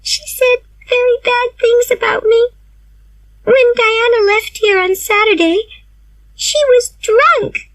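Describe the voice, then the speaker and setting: An excitable young girl with a high, pleading voice, put on by a woman reading a storybook. She climbs well above an ordinary speaking voice and sounds close and dry. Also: slow, no room sound, far from the mic, full character voice, poor audio. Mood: distressed.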